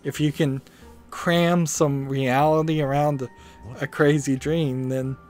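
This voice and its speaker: Slow-talking man musing over gameplay. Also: fairly high pitch, level tone, darkish tone, faint music behind. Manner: meandering, musing, thinks aloud. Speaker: gaming video host. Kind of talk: rambling commentary while playing.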